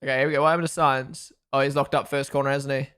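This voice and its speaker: Medium in pitch, fast, and smooth, a man's voice leads a live race watchalong. He reacts with excitement, keeps up casual banter with viewers, reads their messages out loud, and expresses thanks to followers.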